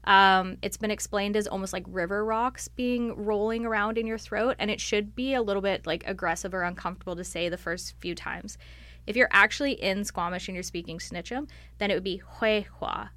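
A woman's voice: mid-range voice, fairly quick, fairly bright tone, no room sound. A woman on staff answering interview questions in a thoughtful, explanatory way, often using "like" as a filler. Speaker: library staff member.

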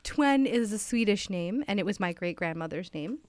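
A woman in an improvised comedy interview, earnest and wistful, halting with many restarts, speaking into a studio microphone. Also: mid-range voice, expressive, dry recording. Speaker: interviewee playing a fictional author.

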